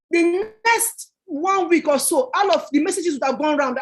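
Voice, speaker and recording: High-voiced woman, emphatic. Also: normal speed, hardly any pauses. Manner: emphatic and repetitive, preacherly. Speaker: guest entrepreneur. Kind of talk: motivational talk.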